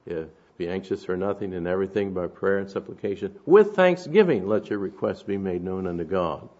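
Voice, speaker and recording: A man's voice: sits low, little pitch movement, a little fast, darkish tone, highs cut off. A man preaching an expository sermon in a conversational way, often checking in with his listeners and reading scripture aloud with rising force. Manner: conversational, asks the room "right?".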